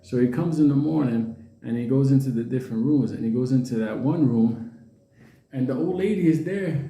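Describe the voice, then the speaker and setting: Rambling storyteller man, mellow and roomy. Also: expressive, normal speed. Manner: rambling, laughs at his own story, acts out characters in high voices. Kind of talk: casual comedic storytelling.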